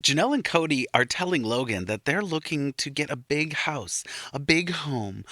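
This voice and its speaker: A man with a Minnesota accent, co-hosting a podcast and recapping plot points in relaxed, casual chat with light asides. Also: fairly high pitch, normal speed, hardly any pauses, no room sound, clean studio sound. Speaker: podcast co-host.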